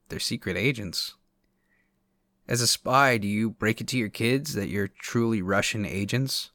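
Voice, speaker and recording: A man's voice: on the low side, a bit bright, no echo. Dry-humored man hosting a podcast. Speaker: podcast host. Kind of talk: scripted monologue.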